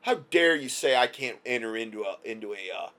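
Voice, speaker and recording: A man putting on the voice of a scornful adult male official with a low, hushed, sneering delivery. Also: lively intonation, fairly quick. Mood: contemptuous.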